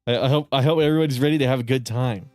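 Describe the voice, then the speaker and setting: A man's voice: medium pitch, rapid-fire, a little mellow, soft background music. A man streaming a video game in casual commentary, joking, swearing a lot and laughing often. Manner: profane, joking, frequent laughter. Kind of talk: casual gaming livestream commentary.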